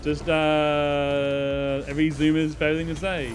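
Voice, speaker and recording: A man's voice: a little high, flat delivery, a little slow, soft background music. A man streaming a video game live, bantering and joking with his chat in a sarcastic, playful way and laughing often.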